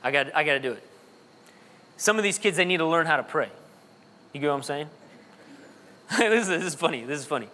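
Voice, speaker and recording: A man's voice: on the high side, lively intonation, a little fast, pauses often, sharp tone, big-room sound. A man preaching a sermon, joking and repeating himself as he reads kids' prayers, then urging prayer with thanks. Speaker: pastor.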